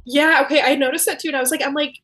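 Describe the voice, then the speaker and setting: A woman's voice: sits high, fairly even intonation, racing, bright, forceful tone. A woman chatting as a podcast guest, talking freely with lots of fillers and restarts. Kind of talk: casual chat.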